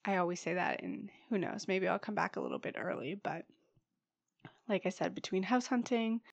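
A young woman hosting a solo podcast, talking candidly and chattily while she has a head cold that makes her a little husky and stuffy. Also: medium pitch, big pitch swings, moderate pace, no echo, dull audio. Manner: chatty and candid, often says "you guys" and "like". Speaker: podcast host.

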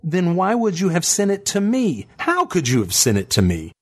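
A defiant, impatient woman artist, put on by a man fires off sharp, disbelieving questions in a much higher, husky voice. The performance stays brisk and edgy throughout this audiobook scene. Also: wildly swooping pitch, full character voice.

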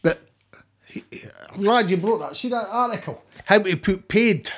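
A man's voice: sits high, lively intonation, moderate pace, husky. A middle-aged man with a Scottish accent, talking as a guest in a heated, emphatic, sweary way with many restarts. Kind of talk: casual interview chat.

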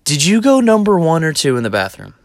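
Man doing a little old lady boss, higher voice, incredulous, exclaiming. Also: huge pitch swings, fairly quick, dry recording, studio quality.

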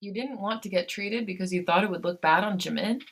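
A woman's voice: medium pitch, fairly quick, lightly acted. A woman voicing a blunt young man, scared underneath and short-spoken, in a fan fiction read aloud. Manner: blunt, clipped.

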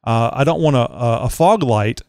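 A man's voice: medium pitch, expressive, moderate pace, darkish tone, no echo, clean studio sound. A man hosting a podcast in casual chat, rambling and joking with many filler words. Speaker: podcast host.

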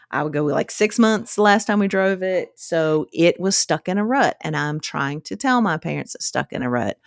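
A woman co-hosting a casual chat podcast, telling animated stories. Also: dry recording, studio quality. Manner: animated storyteller, drawling, quotes people in high voices. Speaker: podcast co-host.

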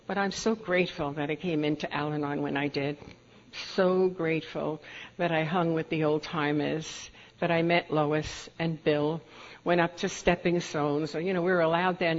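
A woman's voice: on the low side, a bit bright. Chatty older New York woman telling stories. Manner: chatty, laughs through her stories. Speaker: Al-Anon speaker. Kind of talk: storytelling talk at a meeting. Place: meeting hall. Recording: dull lo-fi recording with faint room noise.

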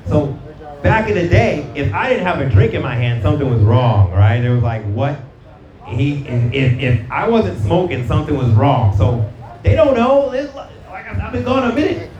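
Through a muffled recording comes a fairly high, darkish male voice belonging to a middle-aged pastor from Brooklyn. He preaches a conversational, slangy sermon to a live congregation in a church hall, storytelling, stumbling over repeated words, and calling out to the audience. It's captured from a distance in a roomy space, with the crowd audible.

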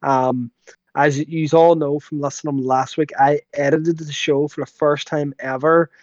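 A man's voice: a little high, level tone, moderate pace, dry recording, highs cut off. A man co-hosting a podcast, rambling and stumbling through his points with a laugh. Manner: rambling, full of fillers and restarts, laughs. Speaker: podcast co-host. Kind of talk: casual podcast chat.

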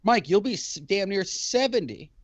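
A man co-hosting a podcast in casual chat, swearing often and talking in animated, talkative runs. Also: high-pitched, normal speed, no room sound. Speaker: podcast co-host. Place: lives in Alabama.

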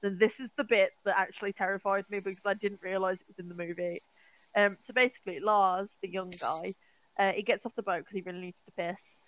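A woman's voice: medium pitch, steady tone, a little fast, fairly bright tone, a little hiss or hum, poor audio. A young woman co-hosting a podcast, casually retelling a film with lots of fillers, swearing and acted-out quotes. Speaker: podcast co-host.

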